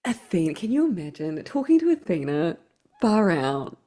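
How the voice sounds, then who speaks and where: A woman's voice: on the low side, very animated, moderate pace, warm tone. A woman with a New Zealand accent co-hosting a podcast, teasing and playful as she steers the chat. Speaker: podcast co-host. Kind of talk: casual chat.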